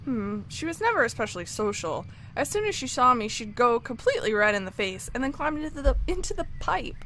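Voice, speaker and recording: A woman's voice: fairly high pitch, sing-song, a little fast, a bit bright, slight background noise. A woman voicing an easygoing male farmer, reading game dialogue aloud in a chatty, matter-of-fact way.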